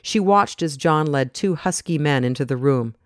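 A reader narrating an audiobook story in an even, measured way. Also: medium pitch, no echo, clean studio sound.

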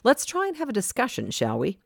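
A reader voicing a calm, firm middle-aged mother in a storybook. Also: mid-range voice, brisk, gravelly, no room sound, clean studio sound, voice pushed up, heavily acted. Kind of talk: storybook narration.

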